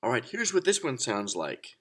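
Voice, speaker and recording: A man's voice: mid-range voice, wildly swooping pitch, moderate pace, a bit bright, slightly rough. A young man teaching a children's music lesson, counting and chanting rhythms aloud in an upbeat way.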